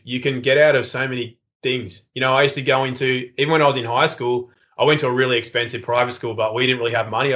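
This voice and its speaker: Aussie man in his thirties, podcast guest, spins yarns and acts out the voices, muffled lo-fi sound. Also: mid-range voice. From Australia. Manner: animated, acts out quoted voices. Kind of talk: casual storytelling interview. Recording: dull lo-fi podcast audio.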